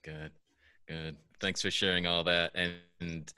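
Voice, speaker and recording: Bright-voiced male podcast host. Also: sits low, flat delivery, unhurried, smooth, no echo. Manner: candid, swears, trails off into restarts. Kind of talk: casual conversational interview.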